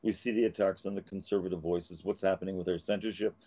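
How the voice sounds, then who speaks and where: A man's voice: low-pitched, steady tone, quick pace, mellow, lo-fi sound. A man hosting a live talk show from Canada, ranting and swearing as he gets angry. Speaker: host.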